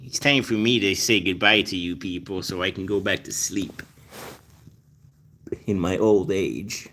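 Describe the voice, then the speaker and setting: A man voicing a sleepy old male house cat, slow and drowsy. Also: deep voice, pushed and bright, heavily acted.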